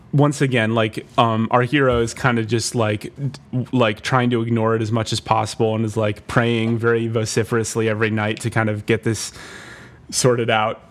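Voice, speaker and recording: A man co-hosting a comedy podcast, retelling a made-up plot in a rambling, deadpan way with constant restarts. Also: mid-range voice. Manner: rambling, full of fillers and restarts, deadpan storytelling. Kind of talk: comedic improvised story retelling.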